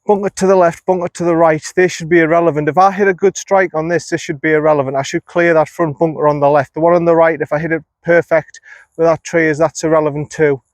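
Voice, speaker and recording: Talking to himself at a fast clip, this man provides self-critical running commentary while golfing solo on an outdoor course. He's a golf vlogger filming on a phone camera; his fairly high voice shows little pitch movement, and there's no echo.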